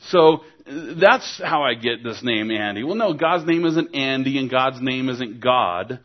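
Male preacher, mid-pitched, earnest exhortation, rhetorical questions, slightly muffled lo-fi sound. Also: normal speed. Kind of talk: sermon. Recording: dull lo-fi recording.

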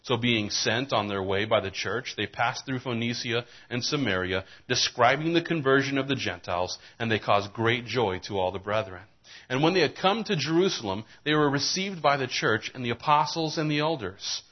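A man's voice: medium pitch, animated, normal speed, dull audio. A man preaching a sermon as a pastor, reading scripture and telling folksy jokes.

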